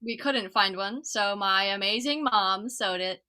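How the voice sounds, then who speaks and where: A woman's voice: medium pitch, unhurried, pushed and bright. A young woman, a cast member, answering briefly on a video call.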